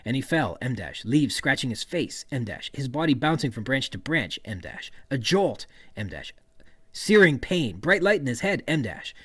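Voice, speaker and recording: A man's voice: medium pitch, moderate pace, breathy edge, dry recording. A man hosting a podcast, analyzing a novel's writing and reading quoted passages aloud. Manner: reads quoted passages aloud, then explains them; lively, expressive emphasis. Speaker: podcast host. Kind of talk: literary analysis monologue.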